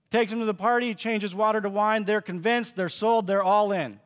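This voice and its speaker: A man's voice: high-pitched, fairly even intonation, normal speed, few pauses, fairly bright tone, in a large hall. A man giving a sermon as pastor, preaching in a conversational way and acting out the quoted speech he tells. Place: church auditorium.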